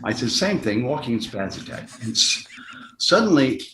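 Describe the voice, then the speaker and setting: An older man, an actor guest on an interview show, telling a story with halting restarts and acting out the people he quotes in higher, louder voices. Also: sing-song, background noise. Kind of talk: anecdotal storytelling. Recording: roomy echo.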